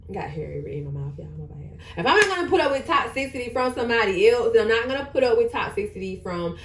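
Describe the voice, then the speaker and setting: A woman's voice: on the high side, sing-song, fast, noisy background. Emphatic woman in her thirties, echoey room. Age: 30s. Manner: emphatic, repeats points for stress. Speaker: vlogger. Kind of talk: casual advice chat while getting ready.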